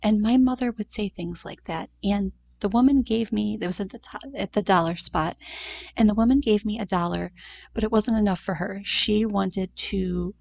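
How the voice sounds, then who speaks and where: A woman in her thirties telling a personal story in a heartfelt, conversational way, with short pauses and fillers. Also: medium pitch, vocal fry, a little mellow, no room sound. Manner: heartfelt, conversational, acts out quoted voices. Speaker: mother sharing a grief story.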